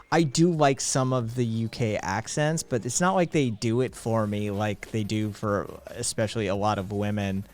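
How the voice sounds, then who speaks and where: A man from Vermont hosting a live stream, chatting casually and rambling with lots of ums and laughs. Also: mid-range voice. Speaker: streamer host.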